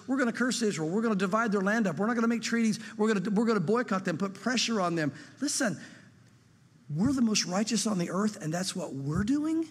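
A man preaching a sermon, emphatic, slowing and dropping his voice on key lines. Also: expressive, breathy edge, long reverb tail. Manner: emphatic, drops pitch and slows on key lines.

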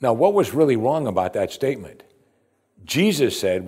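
A man's voice: medium pitch, big pitch swings, normal speed, darkish tone, husky. A male pastor preaching a sermon in a conversational, expository way, with emphatic rises.

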